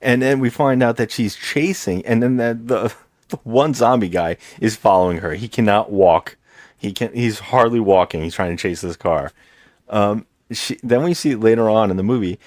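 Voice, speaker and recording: Low-voiced man recapping a movie. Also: no room sound, studio quality. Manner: animated retelling, quotes characters in raised voices. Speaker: podcast co-host. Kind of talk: casual movie recap chat.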